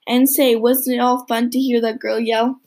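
A woman's voice: fairly high pitch, flat delivery, moderate pace, darkish tone. A woman voicing a mischievous, unrepentant little boy who talks in a reflective, cheeky way.

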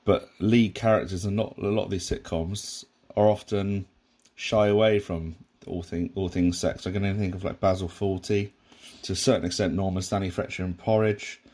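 Guy, really low voice, rambling casual commentary, lots of restarts. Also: steady tone, moderate pace, darkish tone. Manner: rambling, with many restarts and asides. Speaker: podcast host reviewing a sitcom.

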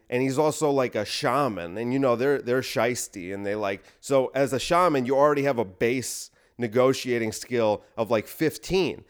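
A man's voice: medium pitch, clear, resonant tone. A man hosting a podcast, delivering a rambling, self-deprecating comic monologue. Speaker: podcast host.

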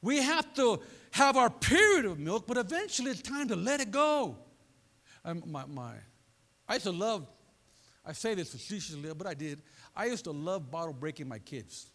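A man preaching a sermon as pastor, animated and conversational, throwing asides to his congregation. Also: sits high, moderate pace. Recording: long reverb of a large hall.

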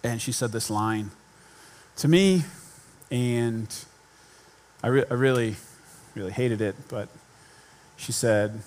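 A man's voice: medium pitch, slow pace, long pauses, darkish tone. A man preaching a sermon in a conversational style, with repetition and self-deprecating humor. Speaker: pastor.

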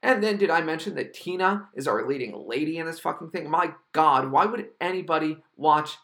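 Gravelly, profane man ranting about movies. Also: a little high, fairly quick, fairly bright tone. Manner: profane, exasperated, emphatic. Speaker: film reviewer. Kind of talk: ranting film review monologue.

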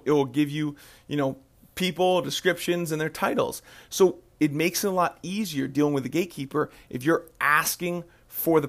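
A young man hosting a casual sales podcast, talking with energy, repeating himself and acting out sample phone calls. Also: fairly high pitch. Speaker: podcast host.

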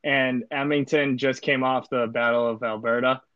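A man co-hosting a casual sports podcast, talking in a laid-back, rambling way with lots of fillers and deadpan jokes. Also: medium pitch, moderate pace, dry recording, muffled recording. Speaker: podcast co-host.

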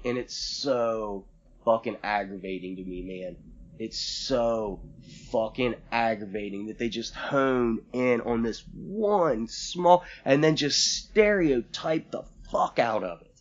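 A man's voice: medium pitch, slow, dull audio. A man co-hosting a podcast in casual chat, ranting and swearing as he talks. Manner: profane, ranting, animated. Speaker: podcast co-host.

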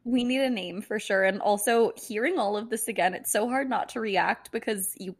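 A young woman co-hosting a podcast in casual chat, reacting to her friend's story, swearing freely and laughing loudly. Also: mid-range voice, moderate pace. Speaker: podcast co-host.

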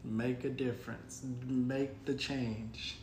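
A man's voice: mid-range voice, flat delivery, takes it slowly, a little mellow. Laid-back man, echoey podcast room. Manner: motivational, laid-back, chuckles often. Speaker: co-host. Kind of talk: casual podcast chat. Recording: echoey room with faint noise.

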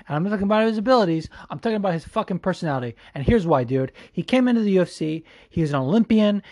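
Fired-up, foul-mouthed man ranting about fights. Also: high-pitched. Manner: profane, fired-up, says "dude" a lot; quick, animated delivery. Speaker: MMA commentator. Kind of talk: heated opinion rant.

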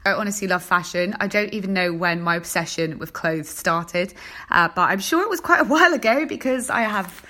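A woman, hosting a casual chat segment and talking in a lively, gossipy way with quick asides. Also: on the low side. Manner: chatty, animated, quick asides with laughs. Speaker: host of a chat show segment. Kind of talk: casual chat about baking and fashion.

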